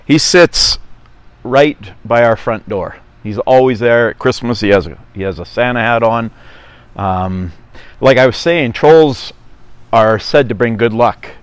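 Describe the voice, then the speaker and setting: A man's voice: medium pitch, expressive, measured pace, clean tone, no room sound. A middle-aged man from Norway with a Norwegian accent, chatting casually and rambling on his vlog, often correcting himself. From Norway (Stavanger). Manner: rambling, self-correcting, chuckling. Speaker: vlogger.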